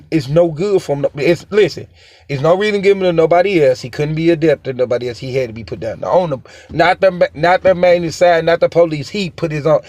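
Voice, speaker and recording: A man's voice: a little high, no echo, clean studio sound. A young man, giving a rambling, repetitive and emphatic casual monologue as a dog owner, swearing now and then. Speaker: dog owner sharing opinions.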